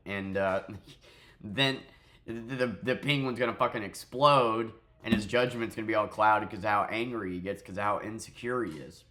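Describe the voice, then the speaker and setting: Tired, rambling man with a low voice. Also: normal speed, bright, forceful tone. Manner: rambling, profane, restarts often. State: tired, just woke up. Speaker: show reviewer. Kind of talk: casual spoken review.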